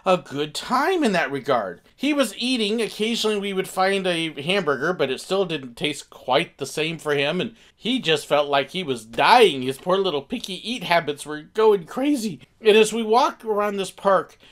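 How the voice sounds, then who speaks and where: A man casually telling a funny family story, animated and acting out the quoted bits. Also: high voice, moderate pace, few pauses.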